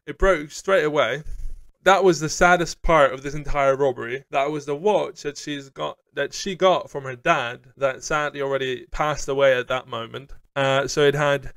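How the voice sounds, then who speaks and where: A young man casually telling a personal story, animated and swearing, with quoted asides. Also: a little high, gravelly. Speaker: storytelling streamer.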